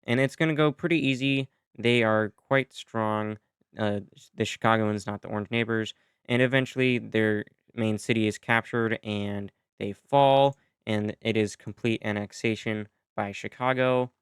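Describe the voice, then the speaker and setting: A man's voice: fairly low pitch, steady tone, unhurried, clear, resonant tone, no echo, studio quality. A man narrating a map simulation video in a chatty, explanatory way, with casual asides and self-corrections. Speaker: YouTube narrator.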